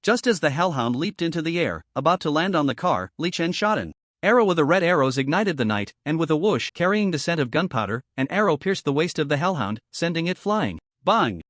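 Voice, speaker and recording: Lively male story narrator, dry sound. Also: a little high, brisk, no echo. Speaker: recap narrator.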